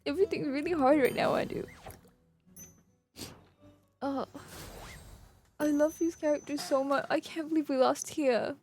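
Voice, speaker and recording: Woman game streamer, emotional, soft, vocal fry. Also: high voice, moderate pace, pauses often, soft background music. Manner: emotional, soft-spoken, reads dialogue aloud. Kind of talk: let's play commentary.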